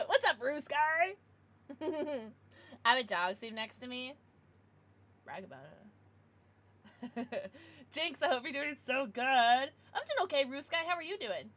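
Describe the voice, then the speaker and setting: A woman's voice: high voice, lively intonation, measured pace, long pauses, fairly bright tone. A woman livestreaming, chatting casually with her viewers in a bubbly, giggly way with playful baby-talk asides.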